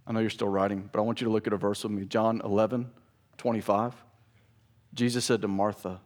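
A man's voice: lowish voice, level tone, fairly quick. Impassioned male preacher, emphatic delivery. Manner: preaching with rising intensity, emphatic and pleading. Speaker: pastor. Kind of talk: sermon. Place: church sanctuary.

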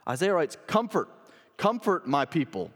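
A man's voice: a little high, big pitch swings, moderate pace, big-room sound. A young adult man, a pastor, preaching a sermon in a conversational, emphatic way, full of rhetorical questions.

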